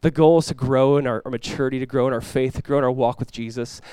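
A man's voice: mid-range voice, fairly even intonation, fast talker, warm tone, clear, resonant tone, no room sound. A man preaching a sermon as pastor, talking casually with the congregation and rising into emphatic bursts.

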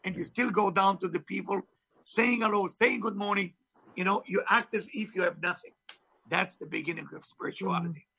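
This man's high voice is husky and sharp, moving a little fast. An author and spiritual teacher with a heavy foreign accent, he speaks emphatically in an interview, preachy in tone and using non-native phrasing.

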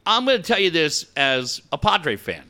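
A boisterous, profane man co-hosting a sports podcast, his voice swinging widely in pitch. It has a bright, forceful edge. He rants in casual, animated talk. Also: normal speed.

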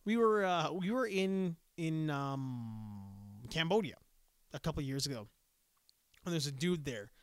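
A man's voice: fairly high pitch, lively intonation, measured pace, clear, resonant tone, no echo, clean studio sound. A man from Canada, co-hosting a casual chat, joking and acting out people in raised voices. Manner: joking, acts out characters in raised voices, laughs often. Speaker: podcast co-host.

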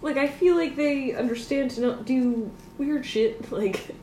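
A woman's voice: sits high, a little slow, darkish tone, a little hiss or hum. A woman co-hosting a casual podcast chat, laughing often and swearing offhandedly. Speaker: podcast co-host. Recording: echoey room.

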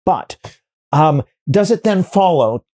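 A man's voice: on the high side, expressive, takes it slowly, dark tone, no echo. A professor being interviewed, building his points step by step through examples and hypotheticals, restarting sentences as he thinks. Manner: frequent restarts and fillers while thinking. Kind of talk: conversational interview answers.

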